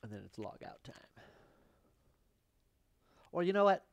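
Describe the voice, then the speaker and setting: A man's voice: high-pitched, very animated, measured pace, vocal fry, highs cut off. A man hosting a live painting stream, thinking aloud in rambling, self-mocking asides as he works. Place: painting studio.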